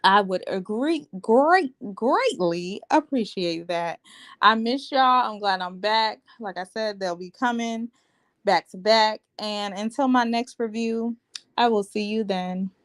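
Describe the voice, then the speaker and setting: A woman's voice: medium pitch, takes it slowly. A woman recapping a reality TV episode in casual, sassy commentary, acting out quotes as she goes. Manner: sassy and animated, quoting people in put-on voices.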